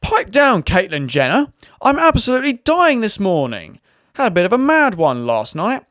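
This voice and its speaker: A man's voice: high-pitched, sing-song, unhurried, pitched above the performer's own voice. A man with a British accent voicing a cheeky, hungover male customer-support worker with a brash, mocking delivery.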